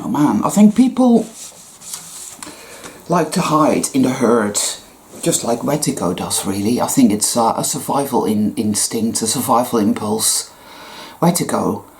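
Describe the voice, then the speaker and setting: A woman's voice: very deep voice, lively intonation, a little slow, darkish tone, slight background noise. A woman giving a casual monologue as a spiritual vlogger, blunt, profane and sarcastic.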